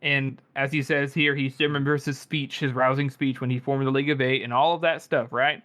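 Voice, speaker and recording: A man's voice: mid-range voice, a little fast. A man co-hosting a podcast, chatting casually about a book and acting out the lines he quotes. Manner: animated, acts out quoted lines. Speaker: podcast co-host.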